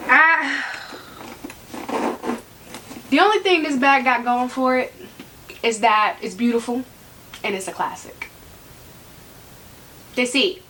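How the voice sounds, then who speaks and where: A woman with a high voice chats to camera from home in a sassy, joking way. She speaks straight to her viewers as a regular vlogger reviewing her bags. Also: a bit bright, slight background noise. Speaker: handbag collection vlogger. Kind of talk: casual talk to camera. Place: room at home.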